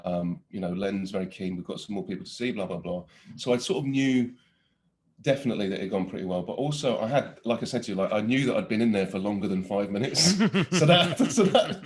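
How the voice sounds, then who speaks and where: A man in his forties, an actor telling stories in a casual interview, animated and laughing often with many restarts. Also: on the low side, fast. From Britain.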